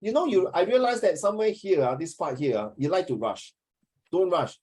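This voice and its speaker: A man's voice: high-pitched, fairly quick. Blunt man coaching oral reading. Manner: animated, blunt, mixes in Mandarin. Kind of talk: one-on-one tutoring.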